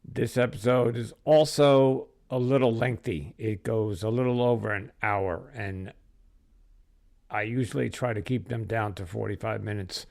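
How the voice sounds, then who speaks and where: A man hosting a podcast, talking haltingly and emotionally, with many restarts, before he introduces a guest. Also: on the low side, fairly even intonation, creaky, darkish tone, no echo, clean studio sound. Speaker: podcast host. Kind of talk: reflective solo intro, then interview.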